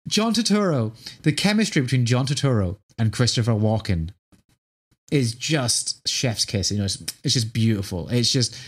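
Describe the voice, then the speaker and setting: A man's voice: medium pitch, lively intonation, moderate pace, husky. A man with a Scottish accent co-hosting a podcast, gushing enthusiastically in casual chat. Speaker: podcast co-host.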